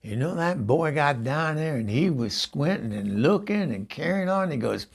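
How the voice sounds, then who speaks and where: A man's voice: on the high side, lively intonation, moderate pace, gravelly, breathy edge, heavily acted. A man playing Eunice, a bawdy, chatty middle-aged woman, telling a rambling comic story full of stammered restarts. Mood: gossipy. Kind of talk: comedy character monologue.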